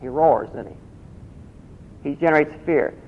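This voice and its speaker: A man's voice: on the high side, measured pace. A man preaching a sermon, asking the congregation questions and repeating key phrases. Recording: dull lo-fi recording.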